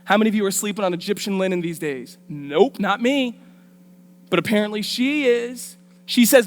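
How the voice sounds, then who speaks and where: A woman guest preacher telling a Bible story in a lively, colloquial, street-smart way during a sermon. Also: mid-range voice, normal speed. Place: church.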